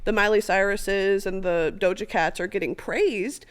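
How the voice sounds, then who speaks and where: A woman's voice: medium pitch, moderate pace, clear, resonant tone. A woman in her twenties, a podcast guest, chatting casually and animatedly, laughing and swearing freely. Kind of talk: casual chat.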